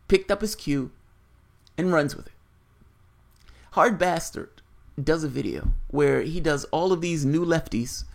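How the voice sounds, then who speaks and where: A man's voice: a little high, gravelly. A man hosting casual political commentary on a livestream, reading viewer chat aloud and answering in a blunt, profane, rambling way.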